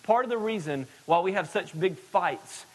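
Man, pastor, sermon, higher-pitched voice, emphatic repeating cadence. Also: lively intonation, normal speed. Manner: emphatic, repetitive preaching cadence with restarts.

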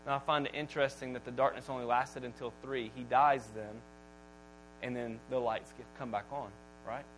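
A man preaching a sermon, swinging from hushed, slow phrases to loud bursts. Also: steady tone, soft background music, poor audio. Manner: dramatic pauses, drops to near-whisper, then booms. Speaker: pastor.

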